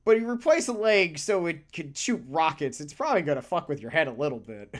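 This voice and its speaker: This podcast co-host talks in a loose, rambling, lively way, with frequent laughter and casual swearing. Pitch is medium and delivery is brisk.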